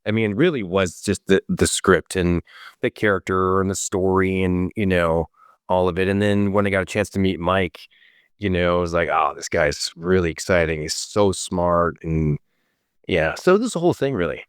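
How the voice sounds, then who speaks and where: Man, actor guest, enthusiastic rambling answers, lowish voice, dry sound. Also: moderate pace, clear, resonant tone, no room sound. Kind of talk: casual interview answers.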